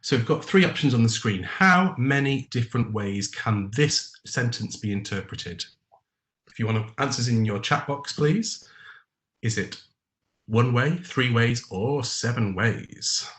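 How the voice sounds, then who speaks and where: A man's voice: medium pitch, lively intonation, measured pace, a bit bright. Man presenting a live webinar in a roomy room. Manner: reads out chat answers by name, with frequent ums. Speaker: webinar trainer.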